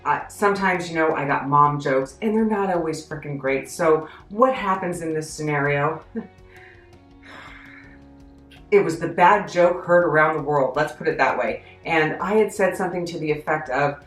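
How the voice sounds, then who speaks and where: A woman telling a story from her job in a chatty, self-deprecating, animated way for her vlog. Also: sits low, moderate pace, faint music behind. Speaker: vlogger recounting a job story. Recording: echoey room.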